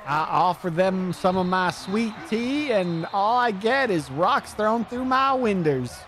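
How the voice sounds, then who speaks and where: A man voicing a cranky Southern man with a put-on Southern accent, yelling folksy complaints about troublemaking kids. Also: high voice, animated, takes it slowly, a little hiss or hum, exaggerated voice. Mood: indignant.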